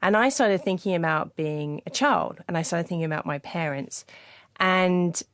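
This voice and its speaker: A woman author in a studio interview, telling a story earnestly with quick restarts. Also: fairly low pitch, fairly bright tone, dry recording. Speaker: author guest. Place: podcast studio.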